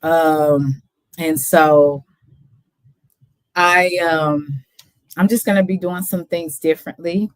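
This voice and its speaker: Laid-back woman streamer, low voice. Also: fairly even intonation, takes it slowly, pauses often, no room sound. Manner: laid-back, chatty, laughs often. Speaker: livestream host. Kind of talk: casual livestream chat.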